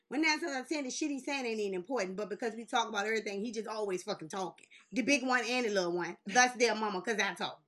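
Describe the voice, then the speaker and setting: A woman in her forties telling a long story in casual chat, animated and swearing, laughing as she goes and jumping high when she quotes people. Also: fast talker, hardly any pauses. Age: 40s. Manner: jumps high in pitch when quoting people. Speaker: podcast host.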